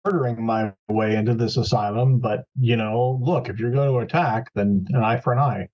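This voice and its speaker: Husky, playful male player. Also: mid-range voice, steady tone, normal speed. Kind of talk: casual chat. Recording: dull lo-fi sound.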